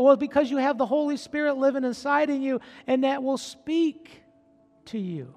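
A man preaching as pastor of his church, from upstate New York, building from quiet talk to loud, pleading calls to the congregation. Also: extremely high pitch, normal speed, big-room sound, soft background music. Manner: repetitive rallying calls to the congregation. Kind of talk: preaching a sermon. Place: church sanctuary.

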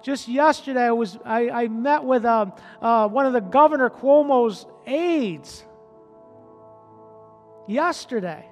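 A man preaching as pastor of his church, from upstate New York, building from quiet talk to loud, pleading calls to the congregation. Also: very high voice, slow pace, in a large hall, soft background music. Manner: repetitive rallying calls to the congregation. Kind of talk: preaching a sermon. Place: church sanctuary.

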